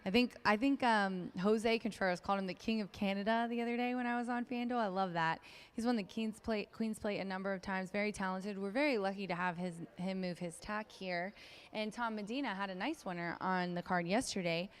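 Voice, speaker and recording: Smooth-voiced woman handicapping a race. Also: medium pitch, steady tone, fairly quick. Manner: chatty and upbeat, with frequent ums. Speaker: racetrack handicapper. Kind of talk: race preview analysis.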